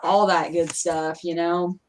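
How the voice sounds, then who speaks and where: A woman co-hosting a casual livestream, rambling with lots of fillers, quick to apologize and giggle. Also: lowish voice, flat delivery, background noise. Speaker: podcast co-host.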